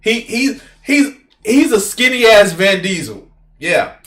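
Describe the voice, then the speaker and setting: A man's voice: high voice, very animated, takes it slowly, fairly bright tone. A man streaming and reacting to a video in casual, profane, incredulous commentary.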